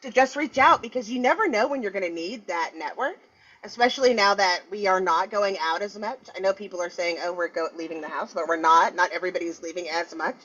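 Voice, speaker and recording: A woman's voice: medium pitch, brisk, husky. A woman co-hosting a podcast, chatting casually and telling stories with animation. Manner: animated, storytelling. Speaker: podcast co-host. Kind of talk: casual chat. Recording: dull lo-fi audio.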